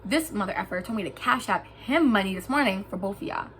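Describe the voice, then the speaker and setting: A young woman telling a story about getting scammed to her viewers in a vlog, animated and emphatic, getting heated as she goes. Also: mid-range voice, quick pace, slight background noise. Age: young adult. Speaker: vlogger.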